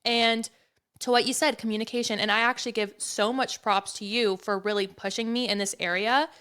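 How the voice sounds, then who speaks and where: A woman's voice: a little high, fairly even intonation, fairly quick, pushed and bright, smooth. A woman hosting a podcast, talking in a heartfelt, reflective way in casual conversation. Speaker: podcast host.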